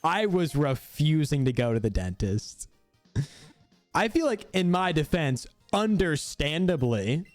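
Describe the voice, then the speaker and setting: A young man streaming, casually telling a story while gaming, animated and cursing freely with frequent laughter. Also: a little high, unhurried, dry recording, soft background music.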